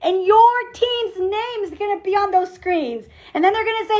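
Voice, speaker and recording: Very high-voiced energetic woman coach. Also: moderate pace, hardly any pauses, lo-fi sound. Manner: energetic and emphatic, repeats phrases. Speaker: team leader. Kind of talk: motivational pep talk on a group call. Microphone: call audio.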